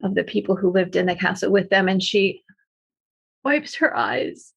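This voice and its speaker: A woman storyteller telling a folk tale in a lively, animated way, with asides to her listeners. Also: medium pitch, normal speed, vocal fry, slightly rough, highs cut off. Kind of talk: oral storytelling performance.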